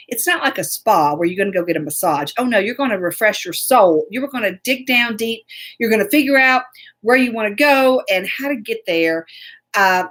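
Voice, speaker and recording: A woman's voice: on the high side, a bit bright. A woman hosting a casual live stream, chatty and laughing often as she greets viewers by name. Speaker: host.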